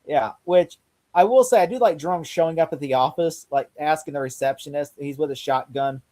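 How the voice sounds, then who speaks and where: Animated, laughing man in casual podcast chat. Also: fairly high pitch, brisk. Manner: animated, laughs often, acts out scene dialogue. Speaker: podcast co-host.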